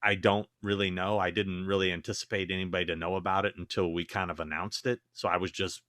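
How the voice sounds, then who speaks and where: A man co-hosting a podcast, talking casually and haltingly with plenty of fillers and self-deprecating remarks. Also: low-pitched, flat delivery, fairly bright tone, no echo, clean studio sound. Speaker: podcast co-host.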